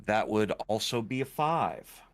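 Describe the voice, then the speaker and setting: A man's voice: lowish voice, animated, a little slow. A man playing a tabletop game, hesitant and thinking aloud about his moves. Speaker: player.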